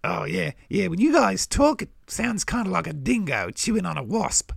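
A gravelly Australian crow. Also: male voice, high-pitched, very animated, normal speed, dry recording, clean studio sound, full character voice. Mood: cheeky. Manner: brash, teasing, drawled "mate" and "g'day" slang. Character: cheeky know-it-all male Australian crow. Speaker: regular fact-telling puppet character.

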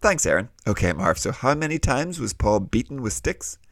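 A man's voice: mid-range voice, big pitch swings, normal speed, fairly bright tone, no echo, clean studio sound. A man hosting a children's Bible lesson, explaining in a friendly way with questions. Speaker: host.

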